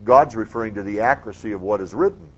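A man lecturing a class on scripture in a lowish voice, stressing key words and firing questions at his students. The recording is muffled and lo-fi, as if taped in a classroom. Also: animated, fast talker, breathy edge. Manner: emphatic, asks the class questions. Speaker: Bible teacher.

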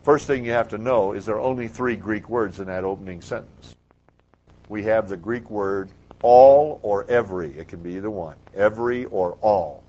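A man lecturing a class on scripture in a lowish voice, stressing key words and firing questions at his students. The recording is muffled and lo-fi, as if taped in a classroom. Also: moderate pace, mellow. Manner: emphatic, asks the class questions. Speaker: Bible teacher.

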